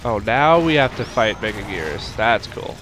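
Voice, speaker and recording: A young man doing casual let's play commentary, tired and yawning, reacting loudly with grunts and battle cries as he fights. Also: on the low side, unhurried, slight background noise. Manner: excitable, shouts attack noises and groans at the game. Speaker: gaming YouTuber.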